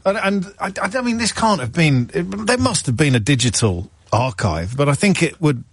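A man's voice: fairly high pitch, big pitch swings, moderate pace, slightly rough, no echo. A middle-aged man hosting a radio phone-in show, telling stories in a wry, rambling way and correcting himself as he goes. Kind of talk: chatty on-air monologue. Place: radio studio.

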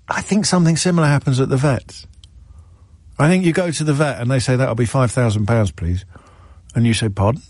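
A man's voice: mid-range voice, no room sound, studio quality. Chatty middle-aged English man, rambling. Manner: rambling, self-deprecating, frequent restarts. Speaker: radio presenter. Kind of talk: conversational monologue.

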